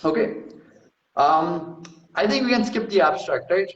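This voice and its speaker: A man's voice: high voice, animated, a little slow. Brash, profane man in an echoey room. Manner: brash, profane and mocking, boastful asides. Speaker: host. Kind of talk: casual talk reading through a research paper. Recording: echoey room, slightly dull sound.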